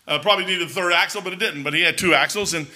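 Folksy bright-voiced man, blunt and rambling. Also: high-pitched, very fast. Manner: folksy, blunt, many restarts and asides. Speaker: Christian speaker. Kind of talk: casual rambling sermon-like talk.

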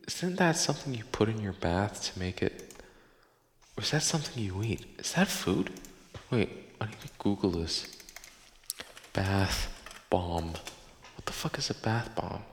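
A man's voice: fairly low pitch, animated, measured pace, gravelly, pauses often. A man hosting a casual solo podcast, swearing in exasperation as he reads listener posts aloud. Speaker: podcast host. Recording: echoey room with long reverb.

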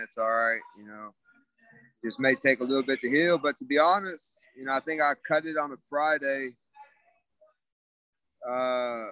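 A man's voice: medium pitch, pushed and bright, no room sound, rough recording. Laid-back young man telling a story. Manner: laid-back, rambling with many fillers. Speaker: guest, former football player. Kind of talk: casual interview storytelling.

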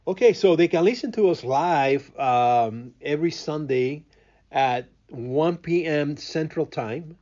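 A man from Cuba speaks English in a relaxed interview. He hesitates, repeats himself and pauses to find words. The audio is slightly muffled. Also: fairly high pitch. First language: Spanish. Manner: hesitant, many fillers and restarts while searching for words. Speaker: radio host, interview guest. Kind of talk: casual interview talk.

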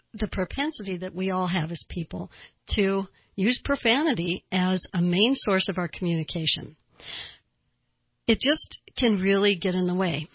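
Older woman, husky voice, chatty radio host. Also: fairly low pitch, no room sound, lo-fi sound. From American South. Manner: chatty, storytelling, laughs easily. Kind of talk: radio talk show monologue.

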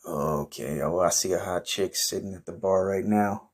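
A man with a deep, low voice narrates his own comic misadventure in a brash, swaggering way. He swears constantly and flares up in shouting outrage. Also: normal speed, slightly rough. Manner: crude, profane, brash and swaggering. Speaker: comedy podcast host. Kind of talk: improvised first-person comic narration.

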